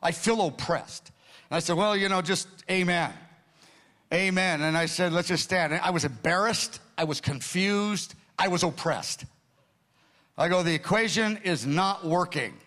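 A pastor telling a story from the pulpit, acting out the voices of the people in it, dropping to a near-hush at times and crying out at others. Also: male voice, high-pitched. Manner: animated storytelling, acting out quotes with dramatic shifts in loudness. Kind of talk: sermon storytelling.

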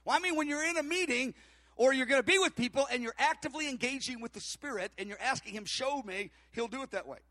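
Preacher, male, high bright voice, dry close sound, storytelling sermon. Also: quick pace, no echo. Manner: storytelling, acts out dialogue, animated. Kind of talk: sermon with anecdote.

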